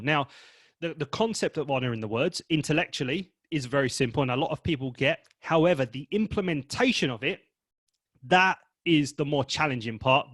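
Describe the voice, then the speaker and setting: Expressive man coaching, dry sound. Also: on the high side, no room sound. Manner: expressive, demonstrates emotions vividly. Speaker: presentation coach. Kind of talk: webinar training talk.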